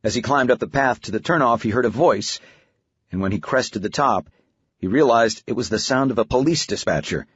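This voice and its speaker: Husky male audiobook narrator. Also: medium pitch, dry recording. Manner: even, measured storytelling. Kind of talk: scripted narration. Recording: dull, muffled audiobook recording.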